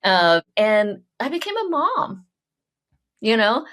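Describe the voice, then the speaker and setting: A woman in her forties from Oklahoma, hosting a podcast in an effusive, animated, chatty way with frequent laughter. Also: a little high, slow. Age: 40s. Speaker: podcast host. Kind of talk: casual interview chat.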